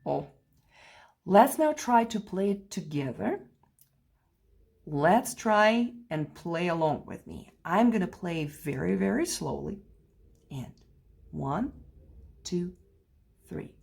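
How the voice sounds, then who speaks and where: A woman's voice: lowish voice, lively intonation, slow, gravelly, long pauses, a little mellow, husky. A woman teaching a play-along piano lesson, patiently explaining phrasing and counting beats aloud, with light laughs now and then. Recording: piano heard faintly behind.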